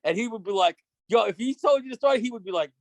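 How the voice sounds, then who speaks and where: Animated, profane storytelling man. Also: extremely high pitch, fast talker, no room sound. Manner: animated, profane, acts out dialogue. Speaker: guest. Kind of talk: casual podcast storytelling.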